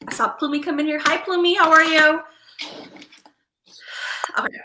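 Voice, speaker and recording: A woman hosting a live collective tarot reading, excitable and rambling, who keeps checking in with her listeners. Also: high-pitched, moderate pace, roomy sound, slight background noise, rough recording. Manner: excitable and rambling, with frequent "okay?" and "right?" check-ins. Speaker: tarot reader and livestream host.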